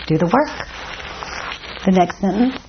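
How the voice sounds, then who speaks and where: A woman leading a guided self-inquiry dialogue, speaking calmly and deliberately, posing questions. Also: medium pitch. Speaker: workshop facilitator. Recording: dull lo-fi sound with faint noise.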